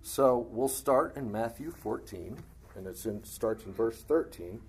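Husky, mellow-voiced man as Bible teacher; reads verses then explains them, clears his throat often. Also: mid-range voice, expressive, measured pace. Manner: reads verses aloud, then comments plainly. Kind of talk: reading scripture and explaining it.

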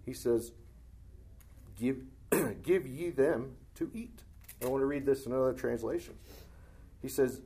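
Husky, mellow-voiced man as Bible teacher; reads verses then explains them, clears his throat often. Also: medium pitch, unhurried, long pauses. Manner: reads verses aloud, then comments plainly. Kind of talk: reading scripture and explaining it.

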